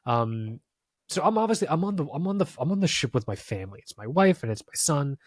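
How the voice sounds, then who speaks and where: A man's voice: on the high side, sing-song, fast talker, dry recording, clean studio sound. A man co-hosting a podcast, telling a story in casual chat, swearing a lot and restarting his sentences often. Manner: profane, rambling storytelling with many restarts. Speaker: podcast co-host. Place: podcast studio.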